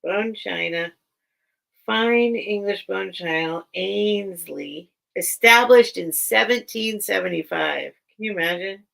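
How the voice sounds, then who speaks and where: Gravelly slow-talking woman host. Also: mid-range voice, fairly bright tone, poor audio. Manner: rambling, chatty and enthusiastic. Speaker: online sale host. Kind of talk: casual live-stream chat. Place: at home among her collection.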